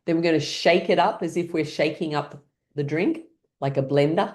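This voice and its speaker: A woman leading a guided laughter exercise class over a video call, encouraging everyone and breaking into deliberate laughs. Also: low-pitched, a little mellow. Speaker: laughter yoga leader.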